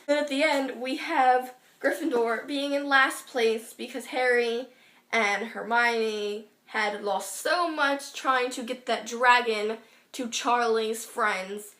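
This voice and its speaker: A teenage girl reviewing a book on her vlog, gushing and rambling with quick excited asides. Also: high voice. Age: teens. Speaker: book vlogger. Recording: roomy echo.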